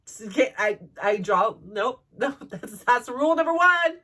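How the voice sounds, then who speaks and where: A woman's voice: on the high side, expressive, a little slow, bright, forceful tone, recorded from a distance. A woman telling personal stories in a chatty way, laughing often and filling with "like". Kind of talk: personal storytelling.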